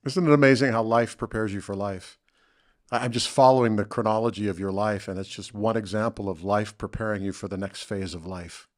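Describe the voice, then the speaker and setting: A man's voice: lowish voice, steady tone, fairly quick. A man hosting an interview podcast, offering encouraging comments to his guest. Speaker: podcast host.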